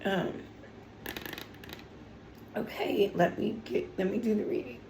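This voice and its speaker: A woman's voice: medium pitch, slow, gravelly, background noise. Woman, tarot reader, teary, chatty, lots of um and like, roomy echo. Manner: emotional, tearful and laughing, chatty with fillers. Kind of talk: casual tarot reading vlog.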